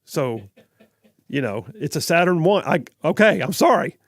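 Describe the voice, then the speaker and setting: A middle-aged Southern-accented man hosts a live call-in radio show, rambling and chuckling as he corrects himself. His fairly high voice swings widely in pitch at a moderate pace, recorded on a studio microphone with studio quality and no room sound.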